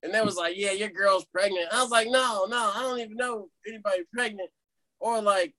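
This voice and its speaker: A young man casually telling a funny story to friends on a podcast, animated and laughing along. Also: high voice, fairly quick. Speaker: podcast co-host.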